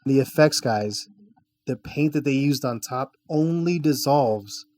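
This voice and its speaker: A man's voice: medium pitch, measured pace, a little mellow, a little hiss or hum. A man co-hosting a film podcast, enthusiastic and profane, reading trivia and arguing his points. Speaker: podcast co-host. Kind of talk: casual film chat.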